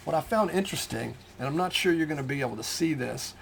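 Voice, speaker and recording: Here a middle-aged man from the US talks loosely about his comic collection, showing his finds with lots of ums and false starts. He speaks fast and expressively in a slightly high voice touched with vocal fry, over a faint hiss or hum.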